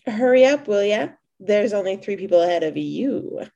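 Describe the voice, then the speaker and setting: A woman's voice: mid-range voice, expressive, normal speed, gravelly, mellow, lo-fi sound. A woman voicing a showy female club emcee who speaks in a sing-song, gushing way, read aloud as part of a story.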